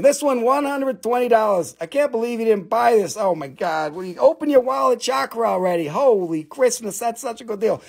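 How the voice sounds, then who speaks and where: A man's voice: sits high, vocal fry, darkish tone. A man selling minerals on a live stream, rambling, profane and self-mocking. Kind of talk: joking live sales banter.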